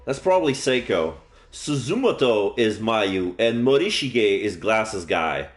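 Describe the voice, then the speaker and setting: Slow, wry male game streamer. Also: fairly low pitch, big pitch swings. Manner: wry, joking asides. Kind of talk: live game commentary.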